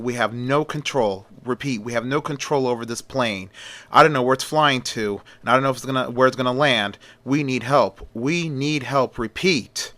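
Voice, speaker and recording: A man's voice: mid-range voice, bright, forceful tone, dry recording, lightly acted. Spaceplane captain, calling for help, urgent, voiced by a man. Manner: urgent radio distress call. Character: male spaceplane captain in an emergency.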